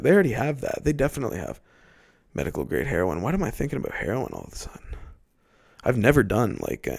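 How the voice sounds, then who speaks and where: A man's voice: on the low side, creaky, dark tone. A young man from Canada hosting a podcast, rambling and joking casually with plenty of swearing. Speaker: podcast host.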